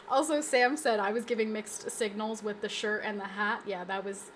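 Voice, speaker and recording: A woman's voice: medium pitch, steady tone, normal speed, a bit bright, slight background noise. A woman hosting a live stream, talking casually and emphatically with viewers, laughing often and restarting her sentences. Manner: chatty, full of restarts and asides to chat. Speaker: livestream host.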